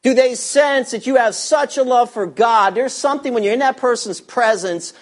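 Emphatic preacher working through scripture. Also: male voice, very high-pitched, moderate pace. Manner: emphatic, rhetorical questions to the congregation. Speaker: pastor. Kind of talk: sermon.

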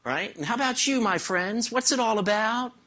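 Man, pastor preaching, sermon, rhetorical questions, bright clear tone. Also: high voice, animated, moderate pace.

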